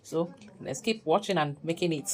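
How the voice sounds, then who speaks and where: Low-voiced woman teaching a cooking recipe. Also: rough recording. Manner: chatty, laughs often, talks viewers through each step. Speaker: cooking channel host. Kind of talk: casual cooking tutorial narration.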